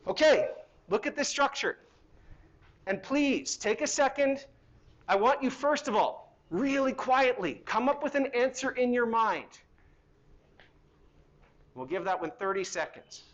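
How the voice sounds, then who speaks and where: A man's voice: very high voice, animated, a little slow, long pauses. A middle-aged man teaching a university chemistry lecture in a hall, conversational and asking the class questions as he goes.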